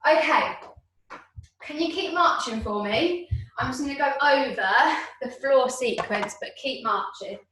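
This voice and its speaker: A woman's voice: sits high, a little slow, fairly bright tone, a little hiss or hum. A woman leading an online exercise class from home over a video call, encouraging and counting out reps, at times out of breath. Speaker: fitness instructor. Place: room at home. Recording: very echoey room, voice from far off.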